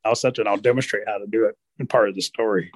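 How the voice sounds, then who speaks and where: A man telling a traditional folk tale as a storyteller, animated and drawn out. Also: on the low side, rapid-fire, breathy edge, dry recording. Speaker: Cherokee storyteller.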